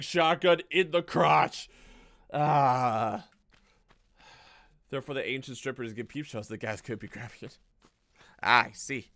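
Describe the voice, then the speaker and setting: A man streaming a video game, giving casual, excitable commentary full of swearing and jokes. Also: on the high side, no room sound. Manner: excitable, profane, joking.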